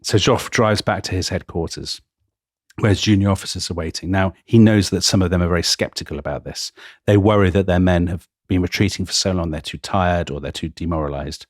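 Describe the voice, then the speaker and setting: Low-voiced guy, podcast host, telling history all dramatic, dry close mic. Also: brisk, no echo. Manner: dramatic storytelling, laughs often. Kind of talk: storytelling history chat.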